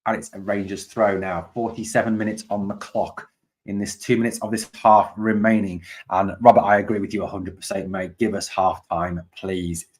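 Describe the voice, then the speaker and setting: A man hosting a live fan watch-along of a football match. He calls the play, chats with viewers about their comments and sometimes shouts at his team in exasperation. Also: fairly low pitch, flat delivery, moderate pace. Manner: chatty, reads out and answers viewer comments. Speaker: fan channel host.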